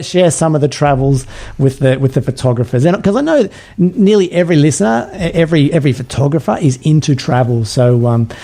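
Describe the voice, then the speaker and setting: Podcast guest: Australian man, fairly high and mellow voice, keen, restarts sentences often. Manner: enthusiastic, repeats words when starting sentences. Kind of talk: casual interview chat.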